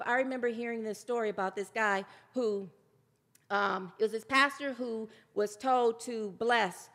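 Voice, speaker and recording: A woman's voice: fairly high pitch, a bit bright. A woman preaching a sermon with emphatic delivery, sometimes calling on listeners to say words aloud. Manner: emphatic, calls for congregation response. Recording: long hall reverb.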